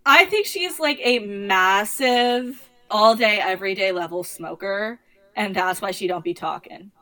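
A young woman co-hosting a podcast, chatting casually and gossiping with quick asides. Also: medium pitch, sharp tone. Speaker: podcast co-host. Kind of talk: casual chat.

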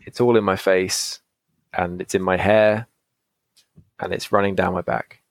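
A man's voice: low-pitched, level tone, unhurried, no echo, clean studio sound. A man hosting a comedy podcast who reads from a gamebook, swears casually and laughs a lot. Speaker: podcast host.

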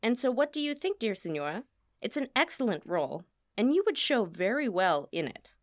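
A woman's voice: on the high side, sing-song, normal speed, voice pushed up. A woman doing a dry, cool opera impresario. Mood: coaxing. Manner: dry, clipped, coolly sardonic.

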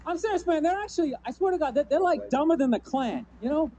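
Male comic, high voice with a mellow tone, loose rambling stand-up delivery. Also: lively intonation, fast talker. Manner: loose, rambling delivery full of "you know" and "man". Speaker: stand-up comedian. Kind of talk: stand-up routine.

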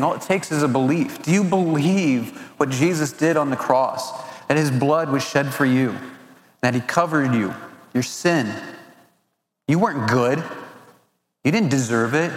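A man giving an earnest camp sermon, stumbling and repeating words as he goes. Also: a little high. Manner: earnest, repeats words while searching for them. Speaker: camp speaker. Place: large hall at a family camp. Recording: roomy hall with long reverb.

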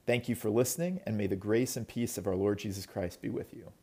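A man's voice: lowish voice, fairly quick, in a large hall, noisy background. A man preaching a sermon as pastor, in a conversational storytelling manner.

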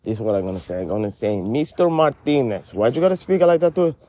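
A man's voice: mid-range voice, lively intonation, fast talker, mellow, natural voice. A man voicing a brash middle-aged character with a Spanish-inflected English accent who calls everyone honey and rambles in street slang. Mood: scolding. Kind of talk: comedy sketch dialogue.

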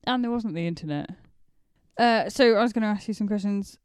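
A woman's voice: mid-range voice, fairly quick, darkish tone, smooth, no echo, studio quality. A woman co-hosting a podcast, chatting in a giggly, loose way full of "like". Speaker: podcast co-host. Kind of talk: casual chat.

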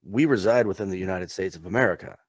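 A laid-back man with a very low, deep voice chats in a rambling, easy way on a podcast, with the odd chuckle between thoughts. The sound is dry and close, with no room echo. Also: fast talker. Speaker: podcast co-host. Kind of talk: casual chat.

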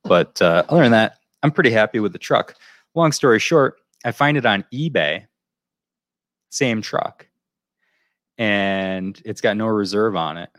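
A man co-hosts a podcast and tells a long, rambling story in casual chat. He keeps looping back to pick up the thread. His voice is very deep, and the sound is dry and close. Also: animated, unhurried, a bit bright, no room sound. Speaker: podcast co-host.

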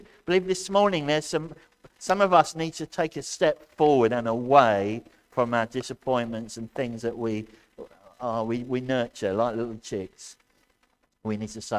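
A man preaching a sermon as pastor to his church, loud and impassioned, asking his congregation questions as he goes. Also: medium pitch, fairly even intonation, moderate pace. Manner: addresses congregation directly, asks questions.

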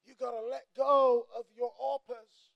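A man preaching a sermon with passion, breaking into shouts and mimicking people to make his points. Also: extremely high pitch, level tone, unhurried, vocal fry, lo-fi sound.

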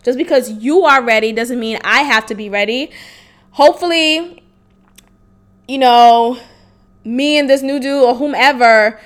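A woman's voice: on the high side, unhurried, long pauses. A woman in her late twenties, a teacher, hosting a podcast alone and telling a personal story in a frank, casual way, swearing freely and often laughing. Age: 20s. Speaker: podcast host. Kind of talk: candid solo podcast storytelling.

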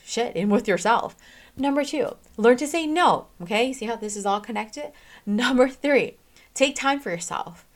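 A woman's voice: fairly high pitch, moderate pace. A woman giving casual motivational advice as a podcast host, chatty and emphatic, often checking in with "okay?". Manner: animated, swings in pace and loudness, laughs often. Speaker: self-help podcast host.

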